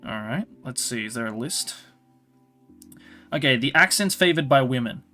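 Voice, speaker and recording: A man's voice: medium pitch, animated, normal speed, bright, forceful tone, faint music behind. A young man with an Australian accent, chatting casually as a stream host, rambling with fillers and restarts. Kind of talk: casual chat.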